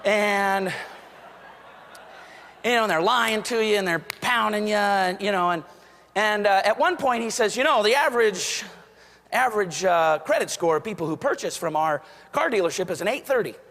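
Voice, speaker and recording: High-voiced man giving a keynote in a hall. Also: normal speed, fairly bright tone. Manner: storytelling, acts out quoted voices. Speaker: keynote speaker. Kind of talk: motivational keynote speech.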